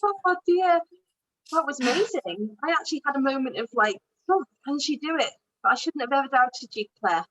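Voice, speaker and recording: A woman's voice: high-pitched, lively intonation, normal speed, a bit bright, no echo, poor audio. A woman hosting a casual online radio show, chatting enthusiastically with guests over a video call. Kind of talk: casual chat.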